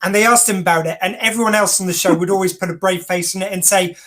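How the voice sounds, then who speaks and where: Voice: mid-range voice, steady tone, fast, fairly bright tone. An interview host with an English accent, chatting casually and digressing, with many "uh" and "like" fillers. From England.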